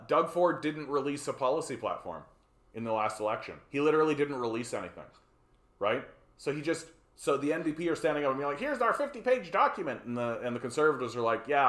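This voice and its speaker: A man's voice: mid-range voice, roomy sound. A man with a Canadian accent, hosting a livestream of casual political commentary, rambling and profane, tagging his points with "right?". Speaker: livestream host.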